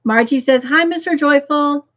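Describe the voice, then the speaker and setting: A woman hosting a livestream, greeting viewers by name and reading their comments aloud with effusive, excited warmth. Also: sits high, normal speed, dull audio. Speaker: livestream host.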